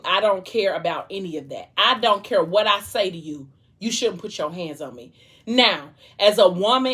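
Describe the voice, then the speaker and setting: A woman vlogger chatting casually about a book, in an animated, emphatic and colloquial way. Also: mid-range voice. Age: adult.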